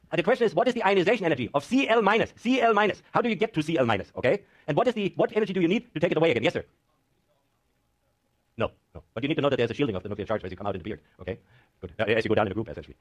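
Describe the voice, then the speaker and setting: A man giving a chemistry lecture to a class, often asking the students questions and checking in with "okay?". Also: fairly high pitch.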